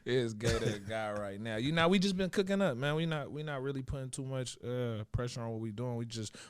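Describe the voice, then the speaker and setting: A man's voice: fairly low pitch, clear, resonant tone, no room sound. A man, a guest rapper, talking casually and easily in a studio interview. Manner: relaxed, easy-going, chuckling.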